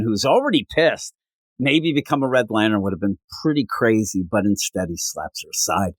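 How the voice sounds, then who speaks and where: Animated man recapping comics. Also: medium pitch, no echo. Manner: animated, acts out characters' lines while recapping. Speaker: podcast co-host. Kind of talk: casual comic book chat.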